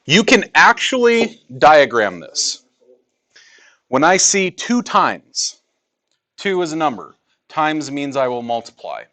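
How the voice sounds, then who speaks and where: A man's voice: fairly high pitch, very animated, slow pace, pushed and bright. A male math teacher teaching a class in a classroom, joking with students and asking rhetorical questions.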